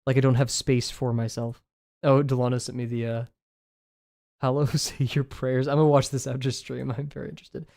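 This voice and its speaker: A young man streaming his drawing session, rambling casually with viewers, self-deprecating and quick to laugh. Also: mid-range voice, flat delivery, vocal fry, a little mellow, dry recording, clean studio sound. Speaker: drawing livestreamer.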